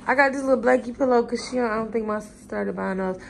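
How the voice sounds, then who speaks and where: A woman's voice: a little high, quick pace, creaky, a little hiss or hum. A woman vlogging in casual chat, talking to her viewers directly as she unpacks and shows off purchases. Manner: chatty, talks to viewers as y'all.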